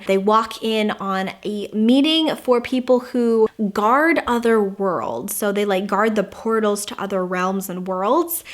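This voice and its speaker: A young adult woman chatting casually about books in a haul video, bubbly and gushing with lots of fillers. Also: medium pitch. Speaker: booktuber. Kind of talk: casual book haul chat.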